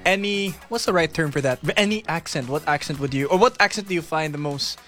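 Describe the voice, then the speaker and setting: A man's voice: a little high, fairly quick, fairly bright tone, faint music behind. A young man co-hosting a radio show, bantering playfully and often restarting his sentences. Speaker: radio co-host. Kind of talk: casual on-air banter. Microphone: studio microphone.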